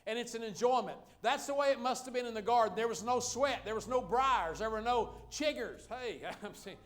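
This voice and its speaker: A man's voice: very high-pitched, fairly quick, a bit bright. A middle-aged man preaching a sermon as pastor, folksy and joking with the congregation.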